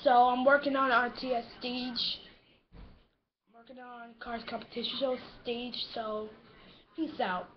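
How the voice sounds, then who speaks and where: A soft-spoken vlogger rambles casually with a high voice, taking it slowly. The recording is a little dull and lo-fi. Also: female voice, little pitch movement. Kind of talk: casual vlog chat.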